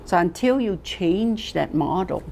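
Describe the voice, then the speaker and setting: A woman teaching a class, telling stories slowly and deliberately, asking rhetorical questions and repeating phrases for emphasis. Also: on the low side, animated, creaky, a little mellow, slight background noise. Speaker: wellness teacher. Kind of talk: lecture to a class.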